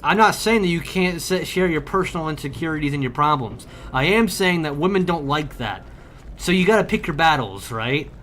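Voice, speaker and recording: A young man livestreaming a game, bantering loudly and profanely with his chat and joking around. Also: on the high side, animated, moderate pace, a little hiss or hum. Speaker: streamer. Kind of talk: casual livestream chat while gaming.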